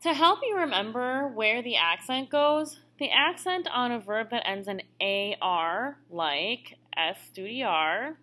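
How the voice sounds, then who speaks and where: A woman's voice: medium pitch, sharp tone. A woman teaching a recorded language lesson who explains each step patiently. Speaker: Spanish teacher.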